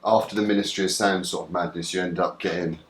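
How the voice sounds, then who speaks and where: Guy hosting an interview, lowish voice, talks fast, casual questions. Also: fairly even intonation, roomy sound, slight background noise.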